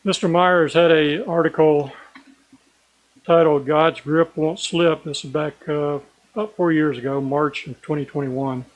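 An earnest man preaching a sermon, his voice sitting a little higher than most men's. He slows down and leans on key words as he reads scripture and drives his points home. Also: steady tone, rough recording.

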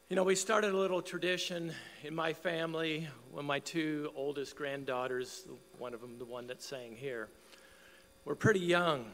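A man's voice: mid-range voice, fairly bright tone, big-room sound, a little hiss or hum. An older man preaching a sermon in church, telling a folksy family story. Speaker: pastor.

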